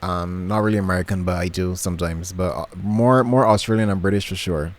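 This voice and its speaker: Give me a rambling young Barbadian man with a lowish voice. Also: fairly quick. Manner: rambling, lots of ums and restarts. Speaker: vlogger. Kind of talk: casual chat to camera. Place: his bedroom.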